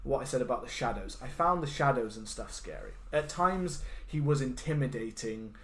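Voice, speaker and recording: With lively intonation and a medium pitch, this podcast co-host chats fairly quickly through a laid-back movie review. His talk wanders, cuts itself off, and is full of laughter, and the sound is roomy.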